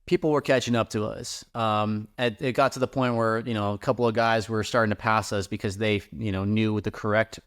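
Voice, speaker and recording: A man recounting a story on a podcast with a low voice. His tone is smooth and resonant. He talks loosely, full of fillers and restarts. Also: steady tone, fairly quick, hardly any pauses. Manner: rambling, many fillers and restarts. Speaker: podcast guest, climber. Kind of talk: casual storytelling.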